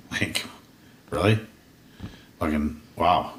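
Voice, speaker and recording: Very deep-voiced man telling a story. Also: takes it slowly, a little hiss or hum. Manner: profane, rambling, self-interrupting. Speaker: podcast guest. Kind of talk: casual storytelling interview. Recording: roomy echo, distant mic.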